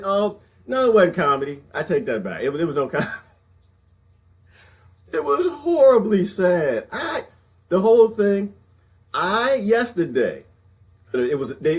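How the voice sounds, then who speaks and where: A man ranting in a casual vlog, loud and expressive, laughing between his points. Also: mid-range voice. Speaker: vlogger.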